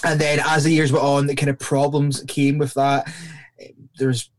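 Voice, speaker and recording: A man's voice: a little high, normal speed. Northern Irish-Scottish man, chatty guest. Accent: mixed Northern Irish and Glaswegian. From Northern Ireland. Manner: chatty and joking, with lively shifts into mimicked accents. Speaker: church planter guest. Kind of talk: casual podcast conversation.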